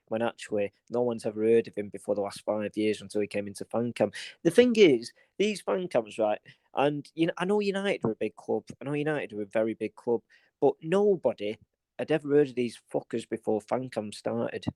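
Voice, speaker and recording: A man's voice: medium pitch, a little fast, dark tone, no room sound. A man co-hosting a football podcast, ranting in casual chat and swearing a lot. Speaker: podcast co-host.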